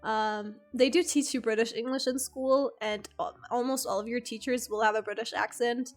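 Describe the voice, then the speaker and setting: A woman's voice: on the high side, steady tone, normal speed, soft background music. A woman whose first language is German, chatting casually with her stream viewers in a rambling, giggly, self-deprecating way.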